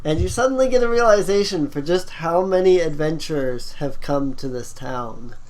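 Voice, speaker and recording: A game master narrating a tabletop game, halting often with ums and uhs. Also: mid-range voice, expressive, darkish tone, slight background noise.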